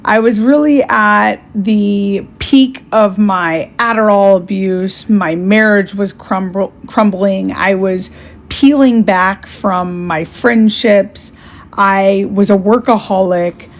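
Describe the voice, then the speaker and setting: A woman candidly and reflectively recounting a personal spiritual experience in casual speech. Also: mid-range voice. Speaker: storyteller sharing a spiritual experience. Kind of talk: casual spoken testimony.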